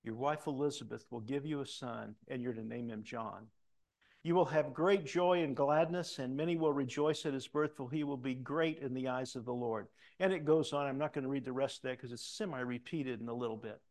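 A middle-aged man preaching a sermon, reading scripture aloud and breaking off into animated asides, loud for quoted lines and hushed for comments. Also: medium pitch, a little fast. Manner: animated, swings between loud emphatic reading and quiet asides. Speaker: pastor.

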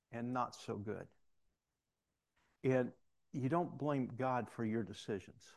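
A man's voice: mid-range voice, a little mellow. A middle-aged man, preaching a sermon in a conversational, folksy way and acting out the dialogue in his stories. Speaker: former sheriff giving a church talk. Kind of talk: sermon with storytelling.

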